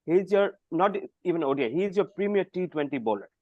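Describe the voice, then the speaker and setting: Man, high voice, blunt and indignant, cricket panel talk, dry muffled sound. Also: expressive, fairly quick, dry recording. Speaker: cricket pundit. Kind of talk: podcast discussion.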